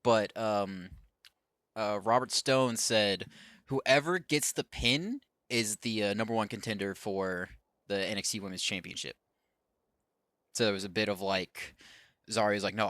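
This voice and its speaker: A man hosts a casual podcast recapping wrestling, rambling loosely, swearing freely, and often acting out what others said. His voice sits on the low side with lively intonation, an unhurried pace, and a fairly bright tone, recorded in studio quality with no echo.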